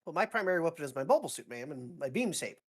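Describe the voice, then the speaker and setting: Here the same sore-throated player plays the earnest young pilot lieutenant again, dutiful, replying politely in clipped military fashion. This time his mid-range voice is very animated and very fast, with a breathy edge.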